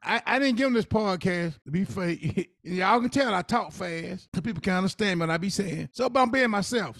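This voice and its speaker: A man's voice: high voice, gravelly, fairly bright tone, no echo, clean studio sound. A man co-hosting a podcast, brash and blunt, laughing and swearing freely in casual banter. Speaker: podcast co-host.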